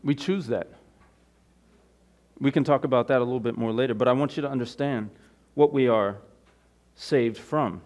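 A pastor delivering a sermon, his voice sitting at an ordinary middle pitch. He leans hard on key words, slowing down and stretching them for weight. He is a man speaking to a congregation in a plain, direct way. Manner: preaching with rising emphasis, stretching key words; opens in a quiet, low prayer.

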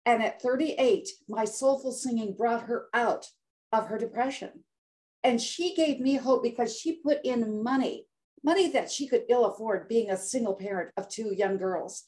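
A woman's voice: a little high, moderate pace, a little mellow. An older woman guest on an interview show, telling her story in a dramatic, inspirational way. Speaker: guest health coach.

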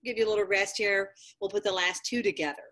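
A woman's voice: mid-range voice, fairly even intonation, fast, a bit bright. A middle-aged woman teaching a live yoga class, giving firm step-by-step cues and encouraging students by name. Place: yoga studio.

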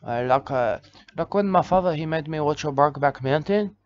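Aussie bloke rambling deadpan, lots of uhs, slightly muffled lo-fi sound. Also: male voice, on the high side. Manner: halting, full of "uh" and restarts, says "mate". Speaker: comedic character monologue. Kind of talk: rambling deadpan comic monologue. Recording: slightly dull lo-fi sound with faint background noise.

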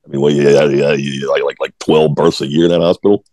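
A man's voice: rumbling low, flat delivery, fast, darkish tone, no echo. A man in his forties from Georgia, a former ballplayer telling blunt, profane stories as a guest in a casual interview. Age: 40s. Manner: blunt, profane, repeats words when restarting. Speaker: guest, former baseball player.

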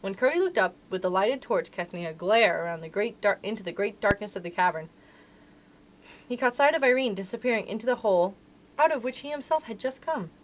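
Animated woman reading a storybook aloud. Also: medium pitch, fairly quick, a little hiss or hum. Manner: expressive, animated. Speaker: librarian reading to children.

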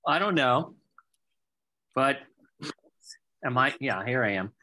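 A man at a town meeting talks in a relaxed, slightly halting way. His voice has a bright, forward edge at a middle pitch. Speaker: meeting participant. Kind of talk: casual meeting talk.

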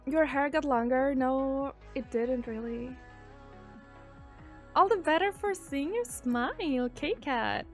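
A woman chats casually on a live stream, reading out viewer messages and answering them one by one. Her voice sits high and she speaks slowly, while faint music plays softly behind her.

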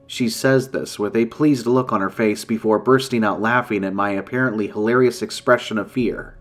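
Male horror storyteller, mid-pitched and steady, quiet music bed. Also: normal speed, few pauses. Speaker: narrator. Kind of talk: scripted horror story narration.

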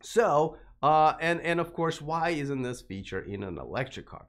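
A man's voice: fairly high pitch, big pitch swings, normal speed. Rambling man hosting a car live stream. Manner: rambling, many fillers and restarts. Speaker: host of an electric car channel.

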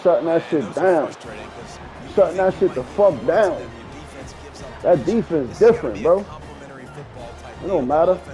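A man streaming a football video game, trash-talking loudly and boastfully with plenty of profanity. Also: on the high side, lively intonation, takes it slowly, long pauses, lo-fi sound, soft background music. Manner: boastful, profane, loud, laughs a lot. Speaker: gaming streamer. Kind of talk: loud trash-talking gameplay commentary.

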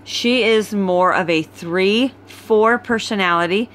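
A tired woman dog breeder casually shows off a litter of puppies, filmed on a phone at home, with crowd noise in the background. Her mid-range voice is slow, easygoing and chatty.

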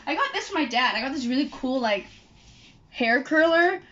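A woman's voice: sits high, lively intonation, normal speed, a bit bright. A young woman chatting casually at home, rambling and correcting herself as she goes. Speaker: YouTuber. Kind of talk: casual chat. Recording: dull lo-fi recording.

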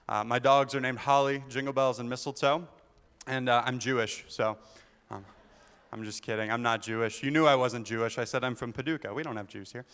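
A young man from Kentucky emcees a live show with quick, chatty stand-up. His voice comes through smooth and clear on a stage mic. A long reverb trails behind him from the theater hall. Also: medium pitch, a bit bright. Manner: chatty, self-deprecating, slips into mock official voices. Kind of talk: stand-up comedy set.

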